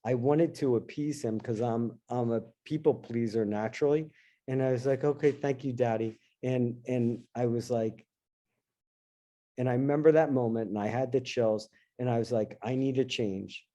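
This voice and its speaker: Mellow-voiced man telling a story. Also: mid-range voice, moderate pace. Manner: animated storyteller, acts out his own past lines. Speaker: interview guest, dentist and investor. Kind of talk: storytelling in a casual interview.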